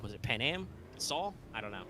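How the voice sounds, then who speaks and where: Bright-voiced rambling male podcast co-host. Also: medium pitch, fairly quick, slight background noise. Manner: rambling, animated, swears freely. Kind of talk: casual gaming chat.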